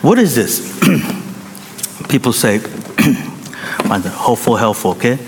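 Animated male pastor preaching in a hall. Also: mid-range voice, slow pace, background noise. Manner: animated storytelling with acted quotes. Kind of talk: sermon.

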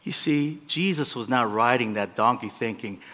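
A man preaching a sermon as a pastor, with animated delivery that swings between loud peaks and quiet asides. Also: mid-range voice, moderate pace. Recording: long reverb of a large hall.

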